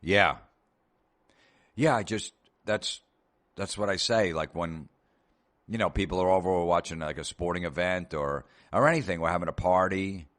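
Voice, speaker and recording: A man's voice: low voice, moderate pace, fairly bright tone. A man voicing a dim, eager man who stumbles earnestly over his words and is proud of his catchphrase.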